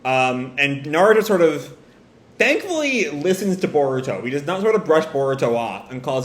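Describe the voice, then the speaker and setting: A man's voice: a little high, sing-song, normal speed. A man reading a manga chapter aloud and reacting casually, hedging with fillers. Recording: roomy echo.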